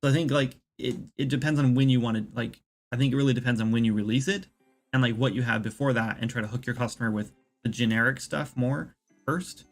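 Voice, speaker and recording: A man's voice: medium pitch, fairly even intonation, fast talker, faint music behind. A man chatting casually as an indie game developer on a livestream, rambling and thinking aloud with lots of fillers.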